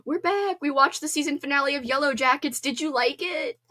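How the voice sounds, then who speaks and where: A woman's voice: high voice, a little fast, sharp tone. A woman in her thirties hosting a casual livestream, chatting in a bubbly, talkative way with lots of fillers. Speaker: livestream host reading chat. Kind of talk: casual chat.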